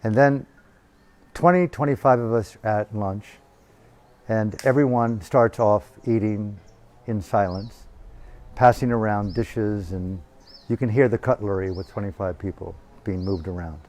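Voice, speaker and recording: A man teaching a meditation retreat, telling a family story in an animated, profane way into a handheld microphone. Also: lowish voice, measured pace. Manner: animated, profane, acting out voices. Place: retreat hall.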